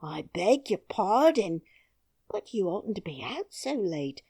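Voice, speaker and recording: A woman's voice: medium pitch, sing-song, takes it slowly, mellow, husky, no echo, clean studio sound, voice pushed up, heavily acted. A woman voicing a brave, cheerful twelve-year-old miner boy who talks boldly and plainly. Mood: frank. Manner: bold, singing taunts, plain-spoken.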